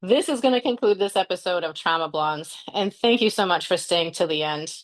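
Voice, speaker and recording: A woman's voice: fairly low pitch, expressive, brisk. Laughing, foul-mouthed woman podcast host. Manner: laughs often, blunt and profane. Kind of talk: casual chat.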